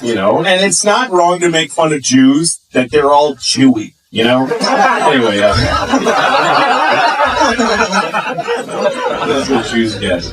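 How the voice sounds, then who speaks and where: A man's voice: fairly high pitch, wildly swooping pitch, slow, pauses often. A man doing a stand-up routine, telling provocative, crude jokes and slipping into mocking impressions. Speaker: stand-up comedian. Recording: distant mic, loud laughing crowd.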